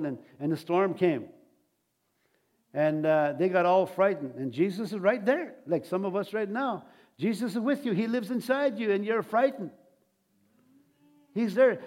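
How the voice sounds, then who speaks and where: A man with a high-pitched, darkish voice preaches a sermon, retelling scripture stories and acting out the quotes. His storytelling rambles, with frequent restarts.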